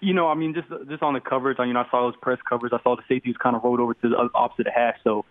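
A young man, a college football player, calls in to answer interview questions. He talks very fast in a flat, even tone, filling gaps with lots of fillers. His voice comes through a tinny, dry phone line. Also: medium pitch. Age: young adult.

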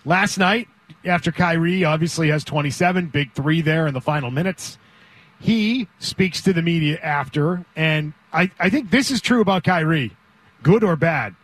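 A man hosting sports talk radio, energetic and opinionated, leading the conversation. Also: fairly high pitch, slightly rough. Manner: energetic, opinionated, leads the segment.

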